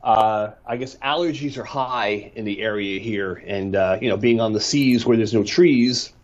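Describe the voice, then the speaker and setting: A middle-aged podcast co-host chats casually, spinning rambling stories full of wry complaints, congested and a bit worn down by allergies. His voice is lowish at normal speed, and the audio has its highs cut off.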